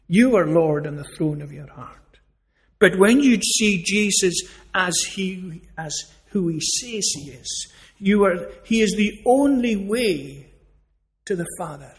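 A man preaching a sermon, earnest and emphatic, asking rhetorical questions. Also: a little high.

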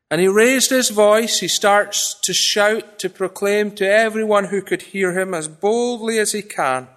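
A man delivering a sermon in a fairly high voice. He swings between loud, proclaiming passages and hushed, confiding asides. He also drops in wry, self-deprecating remarks to his listeners. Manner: dynamic, swings from raised declaiming to quiet confiding. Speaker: pastor.

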